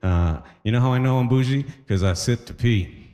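A man's voice: medium pitch, normal speed, warm tone. A middle-aged man doing a stand-up set on a concert hall stage. He talks in a casual, self-mocking way and chuckles at his own jokes. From Toronto area, Canada. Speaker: stand-up comedian.

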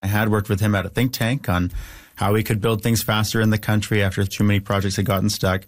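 A man from Canada, a newly elected member of parliament, giving earnest, measured interview answers with frequent filler phrases. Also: lowish voice, little pitch movement.

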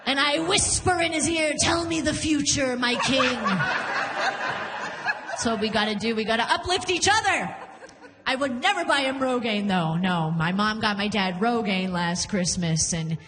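A woman in her thirties doing a stand-up comedy set, animated and punchy, laughing through her lines. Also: a little high, moderate pace, crowd noise. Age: 30s. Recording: long hall reverb.

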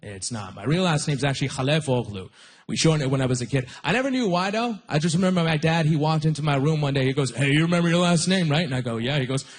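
A man's voice: a little high, expressive, quick pace. A young man from Nova Scotia doing a stand-up comedy set, casual and chatty, often laughing at his own jokes. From Canada, Nova Scotia. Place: comedy stage with live audience.

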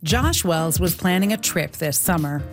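A woman's voice: lowish voice, lively intonation, faint music behind. Woman reporter narrating a news feature. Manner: measured, clear storytelling delivery.

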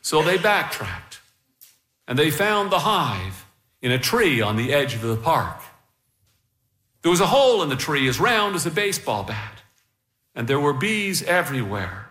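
A man reading a story aloud with expressive narration. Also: a little high, reverberant. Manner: slow, expressive, warmly paced narration.

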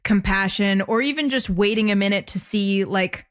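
Woman guest, mid-pitched, dry and sarcastic, talks frankly. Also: normal speed. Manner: candid, wry and sarcastic. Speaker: interview guest. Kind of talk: casual interview talk.

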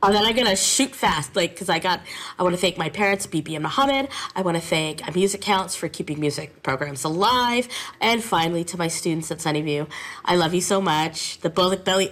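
Animated chatty woman music teacher. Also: lowish voice, a little fast. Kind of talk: interview answers.

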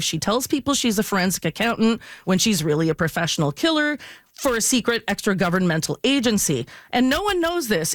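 A woman's voice: medium pitch, no room sound. A woman, a film and TV critic giving an enthusiastic, wry review in casual chat.

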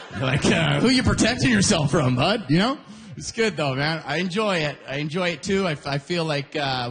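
A young man from Alberta performing a stand-up set, animated and jumping into loud mock voices. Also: a little high, in a large hall. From Alberta, Canada. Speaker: stand-up comedian. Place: live comedy venue.

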